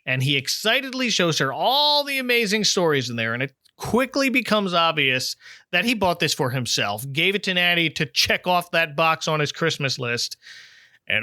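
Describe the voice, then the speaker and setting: A man's high, animated voice recapping a cartoon plot in casual chat, sharp and bright in tone. It sounds close and dry, with no room around it. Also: dry recording. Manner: lively plot recaps with quick impressions. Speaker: podcast host.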